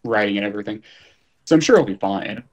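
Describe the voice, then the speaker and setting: A man with a fairly low voice makes laid-back, dry remarks in a casual chat. He speaks evenly and without hurry, like a friend keeping a gamer company. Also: expressive, fast. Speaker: co-player friend.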